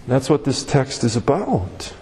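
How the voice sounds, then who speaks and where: A male pastor preaching an expository sermon, telling stories in an animated way and repeating phrases for emphasis. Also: medium pitch, a little slow. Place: church sanctuary. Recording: long hall reverb.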